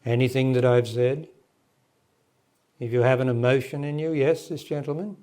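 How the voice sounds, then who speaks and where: Answering a question before an audience in a meeting hall, a spiritual teacher in his sixties talks directly and simply, often laughing. His mid-range voice is steady and warm at normal speed, from a remastered 1998 recording.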